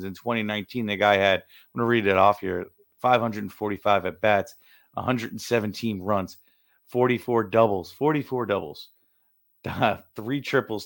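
A man co-hosting a casual sports podcast, excitable, jokey and rambling. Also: lowish voice, vocal fry, no room sound, clean studio sound. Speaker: podcast co-host.

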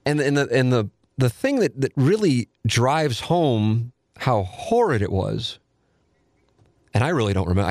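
A man's voice: mid-range voice, dry recording, clean studio sound. A man in his forties, a podcast host, telling a rambling, self-deprecating and profane story in casual talk.

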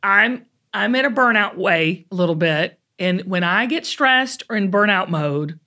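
A middle-aged Southern woman with a Southern American accent, hosting a talk show in chatty, animated storytelling. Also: mid-range voice, measured pace. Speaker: host. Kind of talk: casual chat.

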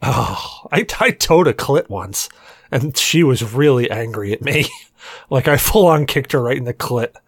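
Lively teasing male podcast host. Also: mid-range voice, unhurried, no room sound, studio quality. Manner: joking, teasing, introduces each guest. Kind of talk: casual crude podcast banter.

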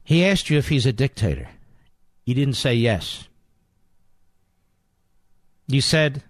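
A man's voice: medium pitch, sing-song, measured pace, long pauses, husky, no echo. A middle-aged man hosting a political talk radio show, combative and sarcastic, hammering his points with emphatic repetition.

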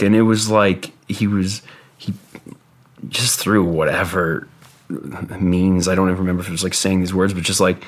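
A man telling a long personal story in a casual, halting way, full of "like" fillers and swearing. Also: low-pitched, flat delivery. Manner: rambling, halting, heavy with "like" and swearing.

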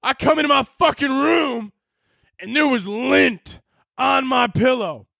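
A man's voice: extremely high pitch, a little slow, gravelly, no echo, studio quality, pitched above the performer's own voice, heavily acted. A man putting on the voice of a crude frat-boy military officer who barks orders at pledges. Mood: barking, crude. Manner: barking drill-sergeant shouts.

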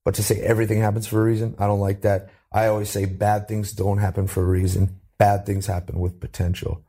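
A man from Canada telling his life story as an interview guest, earnest and animated, lifting his voice when he quotes people. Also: fast talker. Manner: earnest, acts out quoted voices with rising pitch.

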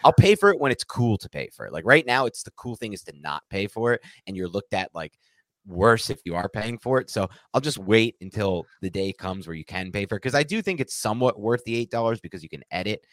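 A man co-hosting a sports podcast, chatting casually in an excitable, rambling way that drifts into tangents. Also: lowish voice, a little fast, no room sound. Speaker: podcast co-host.

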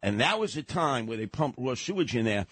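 An older man, co-hosting a radio talk show and telling stories with animated voices. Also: medium pitch, a little fast, slightly rough, dry recording. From New York. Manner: storytelling, animated voices in quotes. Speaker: radio co-host.

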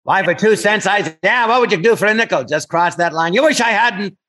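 A man's voice: sits high, fairly quick, sharp tone, voice pushed up. A man putting on the voice of a tough gangster from 1940s movies, with a clipped, menacing delivery.

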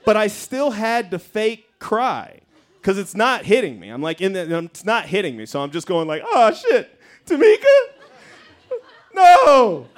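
High, lively-voiced comedian telling a story. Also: male voice, normal speed, a faint crowd. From Denver, Colorado, USA. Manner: animated, profane, acts out his own panic. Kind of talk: live stand-up storytelling. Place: theater stage before a live audience.

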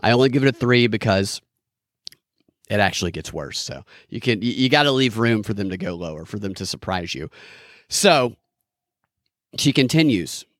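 A man's voice: lowish voice, animated, normal speed, pauses often, a bit bright, no room sound, studio quality. A man hosting a podcast, mocking the clips he plays and parroting quotes sarcastically. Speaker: podcast host. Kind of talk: commentary over played clips.

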